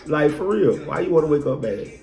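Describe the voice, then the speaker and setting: Talking a little fast, this podcast host has a higher-pitched, expressive voice with vocal fry. He fires off rhetorical questions in a blunt, profanity-laced pep talk. Loud music plays behind him in an echoey room.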